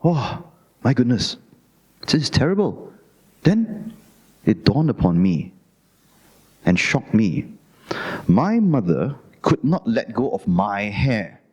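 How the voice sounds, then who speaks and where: A middle-aged Malaysian man with a Malaysian English accent, giving a Dhamma talk as an animated, self-mocking storyteller. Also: medium pitch, slow, pauses often, slightly rough, big-room sound, dull audio. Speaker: Dhamma speaker. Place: Buddhist society hall.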